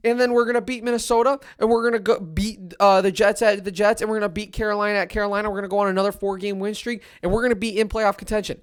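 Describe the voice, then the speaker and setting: A young man ranting as a fan on a sports podcast, frustrated and swinging into loud outbursts. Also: high-pitched, clean tone. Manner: exasperated rant with sudden loud outbursts.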